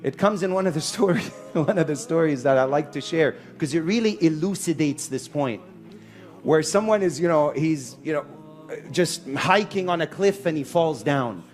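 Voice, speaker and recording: A man preaching a lively sermon to a live audience in a hall, telling stories with acted-out voices and mixing in Arabic phrases. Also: on the high side, moderate pace, soft background music. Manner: animated storyteller, acts out shouting characters; mixes Arabic phrases and Quranic recitation. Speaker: Islamic preacher.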